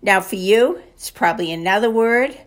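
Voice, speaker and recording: A woman's voice: medium pitch, moderate pace. A woman coach talking casually and enthusiastically, retelling a favorite story with a motivational message.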